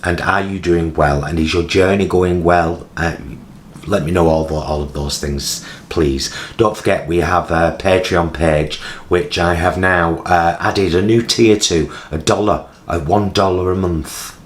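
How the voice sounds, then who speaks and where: A low-pitched British man in his forties rambles through a relaxed chat to camera, self-mocking and conversational. He talks from his home kitchen into his vlogging camera, with a faint hiss of noise behind him. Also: measured pace. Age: 40s.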